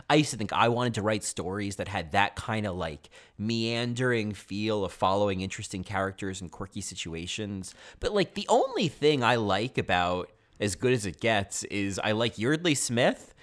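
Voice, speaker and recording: A man hosting a podcast, chatting casually about old films in an animated, rambling way, full of tangents and self-interruptions. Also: lowish voice. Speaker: podcast host. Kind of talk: casual film commentary.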